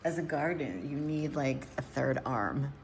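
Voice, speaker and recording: A low-pitched, creaky female voice at a moderate pace, with slight background noise. As a nutrition coach and hydroponic gardener, she tends plants in her indoor grow room and chats live to viewers in a rambling way, thinking out loud as she goes.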